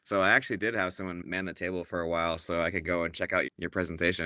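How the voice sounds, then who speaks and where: Deep bright-toned male guest. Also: very fast, no echo, studio quality. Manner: relaxed storyteller, acts out quotes, laughs easily. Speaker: podcast guest. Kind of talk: casual interview chat.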